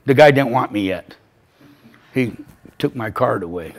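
An older man in his seventies speaks to a class as a grieving father. His delivery is raw and uneven, with broken-off phrases and words repeated for weight. His voice sits in an ordinary middle pitch. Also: lively intonation. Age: 70s. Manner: emotional, halting, repeats phrases. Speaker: victim's father giving testimony. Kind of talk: personal testimony to a class.

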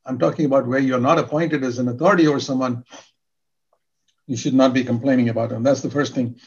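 A man's voice: medium pitch, fairly even intonation, fast talker, dull audio. An older man preaching a sermon in an earnest, emphatic way, repeating key words for stress.

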